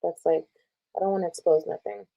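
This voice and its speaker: A woman's voice: fairly low pitch, fairly even intonation, a little fast, gravelly, lo-fi sound. A woman retelling a personal drama on a casual livestream, reading old texts aloud, swearing freely and reacting as she scrolls. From Texas. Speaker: streamer telling a personal story.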